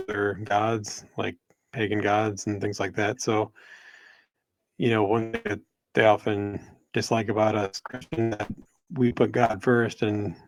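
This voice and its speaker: Male co-host on a video call, gravelly, slightly low, dry close sound, measured. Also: no room sound. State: spotty connection. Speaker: podcast co-host. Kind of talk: casual religious discussion.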